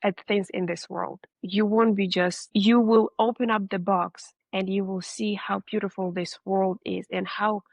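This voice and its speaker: A woman's voice: mid-range voice, level tone, a little slow, vocal fry, few pauses, darkish tone, dry recording, low-quality recording. A woman guest in a conversational interview, talking in an earnest, encouraging way. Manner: earnest, encouraging, acts out reactions.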